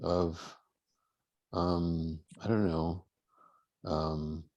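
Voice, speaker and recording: A man's voice: low voice, level tone, very slow, a little mellow, no echo. A man hosting a casual discussion, hesitant and searching for words with many fillers.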